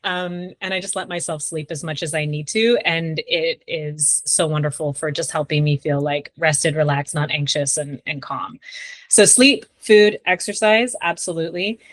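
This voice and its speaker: A young woman talks casually as a podcast guest, her voice sitting a little low for a woman. She rambles warmly through fillers like "like" and "um". The sound is dry and close, with no room echo. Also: moderate pace. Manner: chatty, frequent "like" and "um". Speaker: sex therapist, podcast guest.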